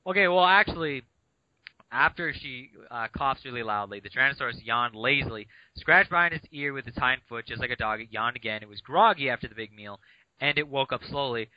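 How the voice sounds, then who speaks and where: A man's voice: mid-range voice, a little fast, no room sound. A man co-hosting a podcast in casual chat, reading book passages aloud, on dull lo-fi audio. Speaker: podcast co-host.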